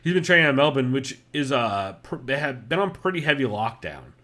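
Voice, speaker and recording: Man, podcast host, casual, profane, filler-heavy, average pitch. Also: very animated, fairly quick, bright, forceful tone. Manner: loose and profane, many fillers.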